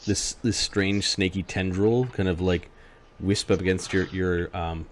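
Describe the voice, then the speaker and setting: A man narrating as game master for a tabletop game, halting with many restarts. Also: sits low, fairly even intonation, slight background noise.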